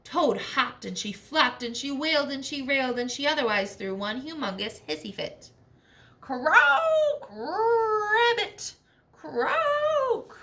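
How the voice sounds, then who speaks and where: Bright, gravelly-voiced teacher reading aloud. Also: female voice, high-pitched, moderate pace, hardly any pauses. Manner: expressive, asks children questions. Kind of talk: reading a storybook aloud to children.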